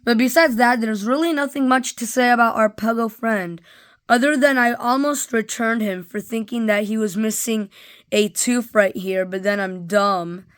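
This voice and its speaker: Rambling woman, slightly high voice. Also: moderate pace, clear, resonant tone. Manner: rambling, filler-heavy, offhand. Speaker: toy reviewer. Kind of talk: casual product review vlog.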